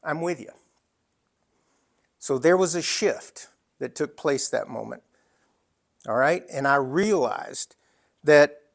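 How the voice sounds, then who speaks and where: A man in his sixties giving an emphatic storytelling talk, full of dramatic pauses. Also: a little high. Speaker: speaker.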